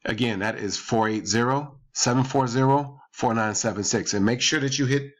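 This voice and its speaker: A man giving calm, explanatory parenting advice on a podcast and repeating his points. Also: medium pitch, normal speed. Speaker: parenting behavior coach.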